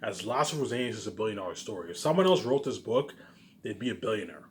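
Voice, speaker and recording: A man's voice: fairly low pitch, very animated, fast. A man vlogging from home in a rambling, boastful monologue, often repeating himself and restarting. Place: home, noise upstairs.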